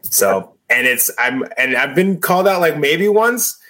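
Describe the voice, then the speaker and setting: A man's voice: on the high side, expressive, a little slow, bright, forceful tone. An American man chatting as a podcast guest, telling loose stories and playing with accents. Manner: chatty storyteller, slips into mimicked accents. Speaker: podcast guest, band musician. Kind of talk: casual podcast chat.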